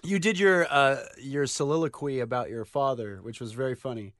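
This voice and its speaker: A young man co-hosting a casual comedy chat, telling stories in an animated way and acting out what others said. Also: medium pitch, normal speed, no echo, studio quality. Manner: animated storytelling with quoted voices.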